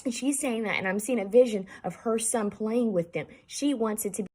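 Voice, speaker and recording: A woman giving a channeled spirit reading, talking earnestly and haltingly to her viewers and repeating herself as she relays messages. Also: on the high side, darkish tone, breathy edge. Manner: halting, repetitive, earnest, addresses viewers directly. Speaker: spiritual medium.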